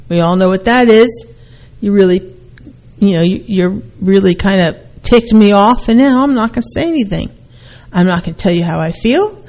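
A woman's voice: medium pitch, a little mellow, low-quality recording. A middle-aged woman, a counselor, hosting a talk show and explaining behaviors, now and then acting out short quoted exchanges.

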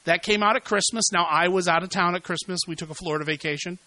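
A man's voice: high-pitched, fast, background noise. A middle-aged man hosting a casual movie review podcast, talking animatedly and repeating words when worked up.

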